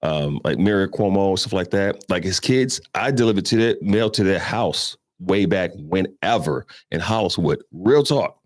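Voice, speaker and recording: A man's voice: low voice, lively intonation, a little slow, few pauses, no echo. A middle-aged man from Brooklyn with a New York accent, rambling through profane personal stories as a morning show host, with asides to his listeners. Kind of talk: casual storytelling chat.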